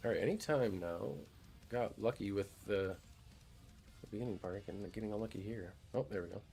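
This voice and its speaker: A man's voice: on the low side, moderate pace, creaky, a little mellow, faint music behind. A man casually chatting over his gameplay as a streamer, laid-back and rambling, swearing now and then. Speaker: gaming streamer.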